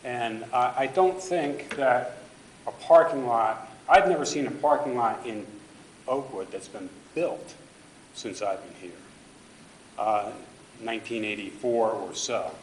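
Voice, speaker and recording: A man's voice: mid-range voice, measured pace, a little hiss or hum. A man giving public comment at a city council meeting, pressing pointed objections with emphasis. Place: council chamber. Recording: echoey council chamber.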